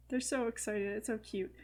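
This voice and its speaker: A chatty young woman talking through her gameplay with a slightly high voice. She rambles easily, with frequent fillers and small laughs. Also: dark tone. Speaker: gaming video host. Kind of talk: casual let's-play commentary.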